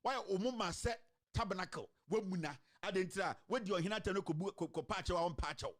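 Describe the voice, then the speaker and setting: A man with a Ghanaian accent delivers animated political commentary in a fairly high voice. He switches between a local language and English and keeps throwing rhetorical questions at his listeners. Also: fast. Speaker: online commentator.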